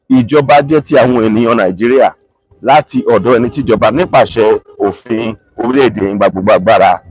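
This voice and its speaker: A man hosting a live broadcast, earnest and repeating key points slowly for emphasis. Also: medium pitch, slightly rough, poor audio. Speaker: livestream host.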